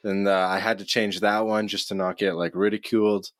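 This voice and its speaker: A man from Canada with a Canadian accent, guesting on a casual podcast, relaxed and easygoing. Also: on the low side, a little fast, dry recording, clean studio sound. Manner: relaxed and easygoing, laughs along. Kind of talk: casual conversational interview.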